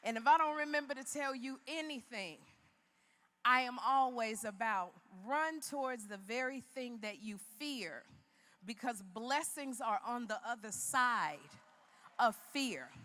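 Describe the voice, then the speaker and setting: A woman's voice: fairly high pitch, measured pace. A woman in her fifties giving a humorous, preacherly motivational keynote, acting out the voices in her stories. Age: 50s. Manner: animated, humorous, preacherly, acts out quoted voices. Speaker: keynote speaker. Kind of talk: motivational speech with comic storytelling. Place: large indoor arena. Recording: long arena reverb.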